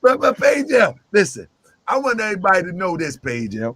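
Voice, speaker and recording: A man telling a long, jokey story in lively chat, acting out the voices he quotes. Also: high-pitched, fairly quick, breathy edge, dry recording.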